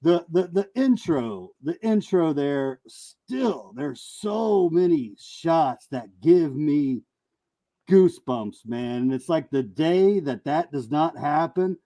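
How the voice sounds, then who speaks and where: Mellow-voiced enthusiastic guest man. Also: a little high, lively intonation, slow, dry recording. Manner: enthusiastic, filler-heavy, calls people man and dude. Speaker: regular guest co-host. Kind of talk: casual live-stream chat.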